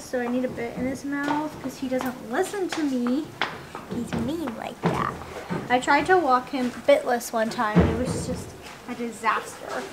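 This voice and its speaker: A young woman vlogging at a horse barn outdoors, chatting in a bubbly, playful way about her horse. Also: high voice. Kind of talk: casual horse barn vlog. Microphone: action camera. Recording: noisy outdoor camera audio.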